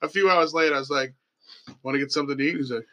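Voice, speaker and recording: A man's voice: on the high side, racing. A man telling stories in a casual chat among friends, acting out quotes and swearing freely. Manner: animated storyteller, acts out quotes, swears.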